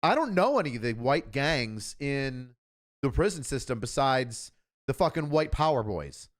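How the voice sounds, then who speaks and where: A man's voice: mid-range voice, big pitch swings, measured pace. A man, a police officer hosting a stream, talking in a rambling, profane, laughing way. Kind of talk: casual chat.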